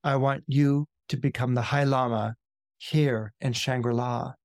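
A man voicing an ancient, serene male high lama who speaks slowly and gravely in a story retelling. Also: steady tone, no echo, studio quality, lightly acted. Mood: calm solemn.

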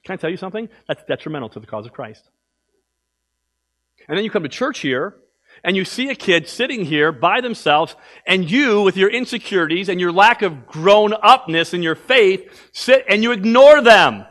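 A pastor preaches emphatically in a church, with a high, bright and forceful voice. He swings between loud exhortation and hushed asides. His delivery stays direct and driving. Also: expressive, moderate pace. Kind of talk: sermon.

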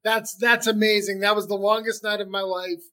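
A man's voice: high-pitched, little pitch movement, moderate pace, pushed and bright, rough recording. A man hosting a podcast, asking interview questions and delivering an enthusiastic sign-off. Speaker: podcast host.

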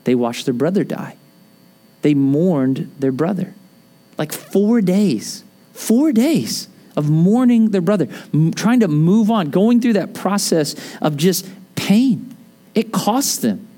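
A man with a fairly high voice preaches a sermon the way he would talk to friends. He is chatty and quick with jokes, and his delivery stays animated. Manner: conversational, joking, animated. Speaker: pastor.

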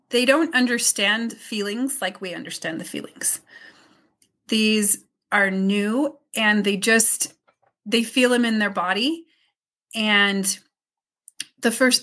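Slow, gentle woman explaining. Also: mid-range voice. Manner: slow, gentle explaining with soft modeled phrases. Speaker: early childhood mental health consultant. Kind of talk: interview answers.

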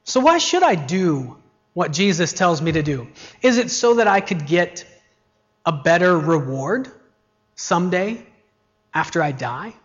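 A middle-aged man preaching a sermon in an unhurried, deliberate way. His voice sits a little high, and he leans on rhetorical questions. The recording sounds dull and lo-fi. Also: sing-song. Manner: rhetorical questions, varied emphasis. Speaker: pastor.

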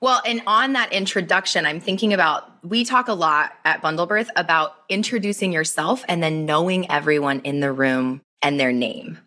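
A woman's voice: lowish voice, bright, forceful tone. A woman hosting a podcast, a nurse, chatting casually and affirming her guest. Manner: affirming, chatty, quick laughs. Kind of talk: casual interview chat.

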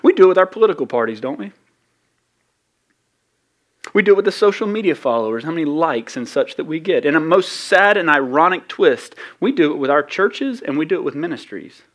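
A man preaching a sermon as pastor, conversational and animated, rising to loud peaks and dropping low. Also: brisk.

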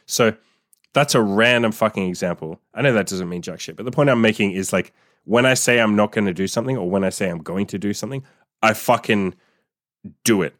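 Man, low voice, swears a lot, dry close sound. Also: a little fast, fairly bright tone, no room sound. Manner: profane, blunt, laughs often. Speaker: podcast host. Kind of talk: casual monologue.

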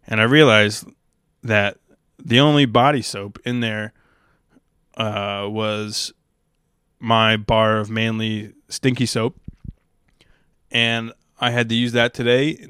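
A young man with a smooth, clear voice rambles through a casual solo monologue, wry and unfiltered, swearing freely. The sound is close and dry, with no room echo. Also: mid-range voice, fairly bright tone. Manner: rambling, crude and profane, wry. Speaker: stand-up comedian.

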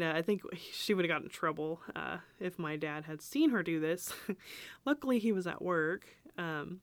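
A woman's voice: fairly low pitch, dry recording. A woman, hosting a podcast and telling stories in a rambling, chatty way with frequent laughs. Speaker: podcast host and business owner. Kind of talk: casual podcast storytelling.

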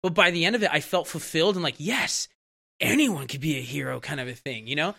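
A man's voice: fairly high pitch, fairly quick, gravelly, bright, forceful tone. A man chatting casually about a movie, acting out scenes with funny voices.

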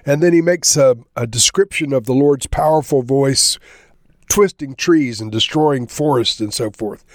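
A man reading a psalm aloud and explaining it in a devotional teaching, unhurried, stressing the verses he reads. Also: medium pitch, dry recording, studio quality. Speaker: Bible teacher.

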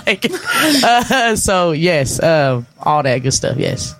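A woman's voice: sits low, normal speed. A woman guest on a studio podcast, chatting casually, laughing often and acting out what others said. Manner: animated, laughs often, acts out quotes. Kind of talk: casual chat.

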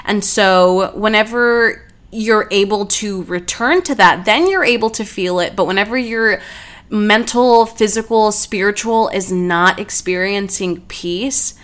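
A woman's voice: medium pitch, measured pace, fairly bright tone. A woman in her twenties hosting a casual solo podcast, talking in a bubbly, gushing way. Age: 20s. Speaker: podcast host.

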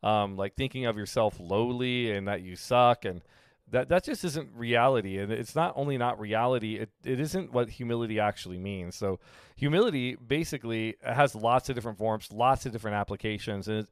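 A man preaching as a pastor in a relaxed, conversational sermon, often acting out what people say. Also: mid-range voice, normal speed, no echo, clean studio sound. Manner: conversational, with frequent fillers and acted-out quotes. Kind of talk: casual sermon teaching.

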